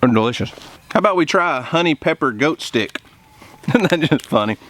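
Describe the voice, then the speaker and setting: A man's voice: a little high, moderate pace. A man hosting a homestead vlog in a greenhouse, chatting eagerly and talking with food in his mouth. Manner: excited, chatty, eating while talking. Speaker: homesteading channel host. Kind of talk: casual vlog talk to camera.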